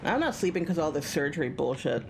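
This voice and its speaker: A tired woman streaming a video game from home, chatting casually and rambling between bursts of excited yelling. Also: low voice, quick pace, creaky, background noise. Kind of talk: casual gaming stream chat.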